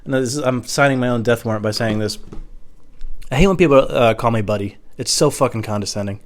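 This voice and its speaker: A young man doing a rambling, crude, self-mocking comedy monologue at home, jumping into silly high voices. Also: fast talker. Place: home room.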